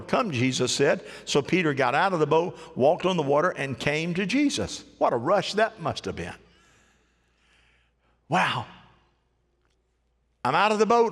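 A man preaching a sermon in a church, swinging between loud rising cries and low hushed phrases. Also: gravelly. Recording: long hall reverb.

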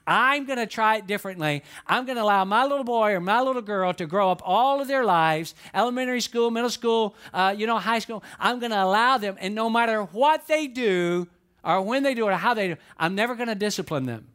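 An older male pastor with a notably high voice. He preaches a story-filled sermon and keeps checking in with his listeners through direct questions. He often repeats his key lines for emphasis. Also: a little fast, fairly bright tone, clean tone. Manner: repetitive, questions the congregation, storytelling.

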